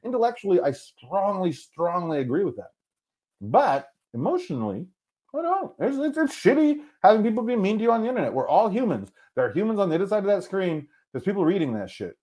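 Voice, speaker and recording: A man speaking candidly and profanely as an interview guest, animated and open. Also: high voice, fast, breathy edge. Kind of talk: casual interview talk.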